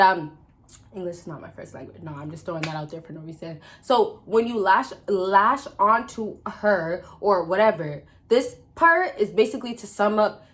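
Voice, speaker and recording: A woman vlogger giving casual dating advice straight to her viewers, chatty and direct, often calling out to the guys and checking in with a quick question. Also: mid-range voice, fairly bright tone. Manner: chatty, repeatedly addresses "fellas" and checks with "right?". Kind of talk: casual advice talk to camera.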